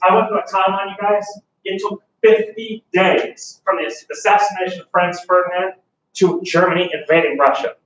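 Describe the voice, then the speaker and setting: High-voiced chatty teacher in an echoey room. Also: male voice, a bit bright, recorded from a distance, a little hiss or hum. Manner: chatty and enthusiastic, joking, many fillers. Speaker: history teacher. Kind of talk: casual classroom lecture.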